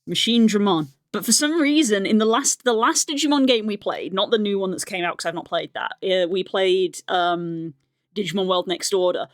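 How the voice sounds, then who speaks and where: A woman's voice: medium pitch, normal speed, no room sound, clean studio sound. A woman streamer chatting in a rambling way while she draws, often laughing. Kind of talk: casual chat while drawing on stream.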